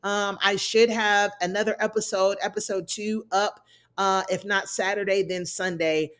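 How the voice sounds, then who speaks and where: A woman's voice: medium pitch, little pitch movement, moderate pace, fairly bright tone. A woman hosting a casual recap, chatting about scenes and acting out the lines. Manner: chatty, retells scenes with acted quotes. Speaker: TV recap host.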